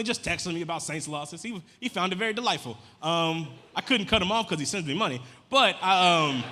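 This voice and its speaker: Deadpan male comic working the crowd; rapid delivery, long room reverb. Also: on the high side, slight background noise. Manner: deadpan, chatty crowd work with casual slang. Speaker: stand-up comedian. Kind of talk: stand-up comedy set. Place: comedy club stage. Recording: live venue with long reverb.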